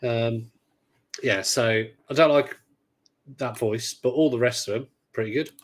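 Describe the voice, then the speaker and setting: A man's voice: medium pitch, a little slow. Rambling man chatting on a podcast. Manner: rambling, hesitant, many fillers and restarts; dryly sarcastic. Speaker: podcast host. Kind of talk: casual podcast chat.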